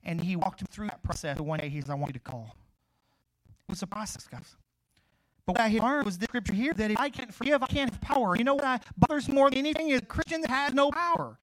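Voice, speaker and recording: A middle-aged male pastor preaching a sermon, jumping from loud scripture reading to quiet asides and acting out both sides of conversations. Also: very high-pitched, fast talker, dry recording, poor audio.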